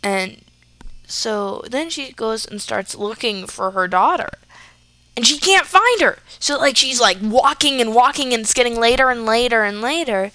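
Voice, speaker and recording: A woman's voice: fairly high pitch, moderate pace, pushed and bright, no echo. A young woman casually telling a gruesome story, rambling with fillers and restarts.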